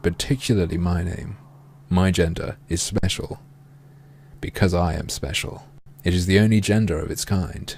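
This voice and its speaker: A man voicing a flamboyant, creepy male pheasant artist, speaking slowly and hushed with theatrical politeness. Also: sits low, husky. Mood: silky menacing. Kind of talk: game dialogue read-aloud.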